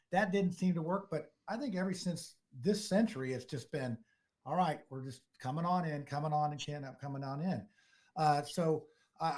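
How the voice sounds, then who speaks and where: Casting: a rambling man hosting a casual talk show, a slightly high voice. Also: a little mellow. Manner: rambling, with many fillers and restarts. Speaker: podcast host. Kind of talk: casual chat.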